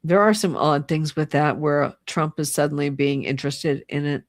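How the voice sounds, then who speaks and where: A middle-aged woman with a low voice and fairly even intonation talks at normal speed while livestreaming from home, a fire going nearby. Casually exasperated, she rants about politics, laughing often and mocking people in put-on voices. The sound is dry and clean studio quality.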